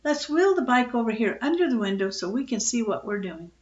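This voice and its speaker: Woman playing eager young boy, high pitched, fibbing, roomy lo-fi storybook recording. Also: big pitch swings, fairly quick, darkish tone.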